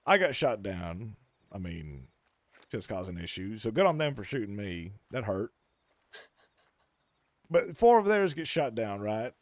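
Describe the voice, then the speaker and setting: A streamer with a medium-pitched voice, recorded dry, casually tells friends a long story on a call. He's animated and swears freely, acting out other people's quotes mid-story.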